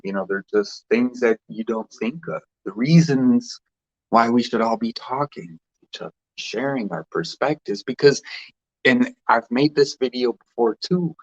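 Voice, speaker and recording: A spiritual vlogger host rambles through a casual monologue in a medium-pitched voice, loose and full of restarts and laughs. The sound is muffled and lo-fi.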